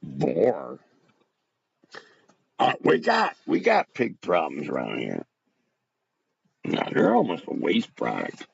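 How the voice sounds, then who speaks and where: A man's voice: extremely low pitch, huge pitch swings, slow pace, creaky, long pauses, breathy edge, no echo, highs cut off. A middle-aged man rambling casually to his viewers on a livestream, greeting chat by name. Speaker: livestream host. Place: home bunker.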